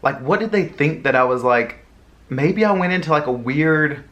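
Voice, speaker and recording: A man's voice: fairly high pitch, lively intonation, normal speed, fairly bright tone. Man telling a rambling Southern story. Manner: rambling, many fillers and restarts. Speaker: mukbang vlogger. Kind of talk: casual storytelling.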